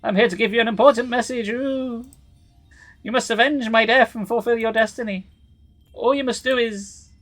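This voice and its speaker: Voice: mid-range voice, fairly even intonation, normal speed, fairly bright tone, pitched above the performer's own voice, natural voice. A streamer voicing a solemn male ghost who moans as he delivers a prophecy, over faint music.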